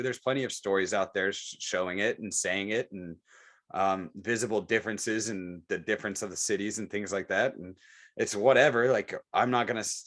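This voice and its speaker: A man's voice: lowish voice, fairly bright tone. A man co-hosting a podcast, talking politics in a heated, profane, rambling way. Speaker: podcast co-host. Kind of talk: casual political chat.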